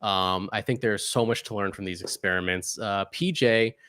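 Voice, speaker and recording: A man's voice: lowish voice, moderate pace, bright, forceful tone, clean tone, no room sound. Dry-sounding man hosting a science chat. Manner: hesitant, many fillers, reads out article text. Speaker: podcast host. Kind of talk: casual science news chat.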